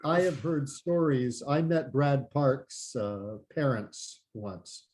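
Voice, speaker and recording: A man's voice: mid-range voice, takes it slowly, a little mellow, low-quality recording. A middle-aged man from New Jersey hosting a casual interview, asking friendly questions with eager follow-ups. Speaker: host.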